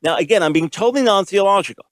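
A man preaching a sermon, emphatic and repetitive, asking rhetorical questions and shifting between quick and slow delivery. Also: high voice, lively intonation, dry recording. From grew up in a Jewish home. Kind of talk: sermon teaching.

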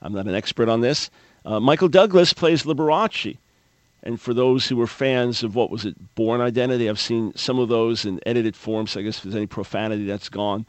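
A man's voice: medium pitch, brisk, dry recording. A man hosting a talk radio show, delivering an opinionated monologue with sarcasm and frequent stammered restarts.

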